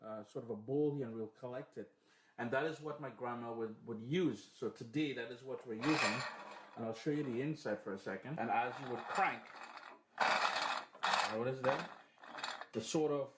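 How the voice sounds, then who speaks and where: Man giving a chatty cooking demo. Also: mid-range voice. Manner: chatty, relaxed, explains step by step. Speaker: cooking show host. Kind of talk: casual cooking demonstration. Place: home kitchen, then living room. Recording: echoey room, faint background noise.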